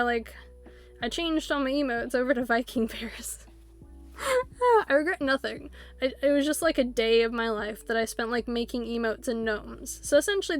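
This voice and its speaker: A woman's voice: high voice, a bit bright. A woman streaming a video game, chatting casually with her viewers and laughing often as she rambles. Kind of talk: casual live-stream chat while playing.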